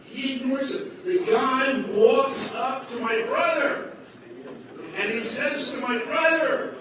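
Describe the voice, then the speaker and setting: A man's voice: extremely high pitch, slow pace, a crowd in the background. A man telling a long personal story at a religious gathering, acting out the dialogue of the people in it. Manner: acts out quoted dialogue with shifting voices. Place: large echoey hall at a school. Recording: very echoey hall, voice from far off, noisy.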